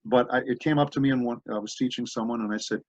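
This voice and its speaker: Husky-voiced man telling stories. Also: mid-range voice, steady tone, fast, no room sound. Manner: rambling anecdotal storytelling with asides. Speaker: voice actor guest. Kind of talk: interview conversation. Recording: dull dry lo-fi audio.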